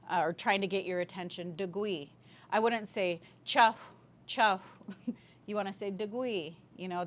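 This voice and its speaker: A woman teaching a language class, speaking patiently and repeating words slowly for learners, with easy laughs. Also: mid-range voice. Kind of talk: online language lesson.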